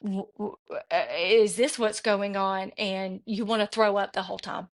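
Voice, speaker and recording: A woman's voice: medium pitch, fairly even intonation, normal speed. A middle-aged woman, a podcast guest, telling a personal story in an earnest, rambling way with many restarts.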